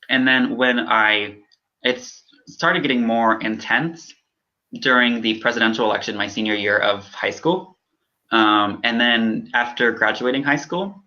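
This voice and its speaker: An earnest young man speaks in a bright, slightly low voice, pausing often with halting ums as he answers interview questions. The audio sounds muffled and lo-fi, like a call recording. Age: young adult. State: choked up. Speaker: political candidate.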